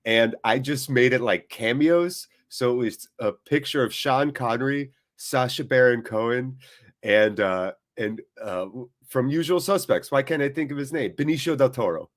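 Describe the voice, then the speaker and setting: A man hosts a live football watchalong, talking straight to his viewers in an easy, chatty flow. His delivery is rambling and full of jokes, and his voice sits at an ordinary middle pitch for a man. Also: normal speed. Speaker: live-stream host. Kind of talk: casual live watchalong chat.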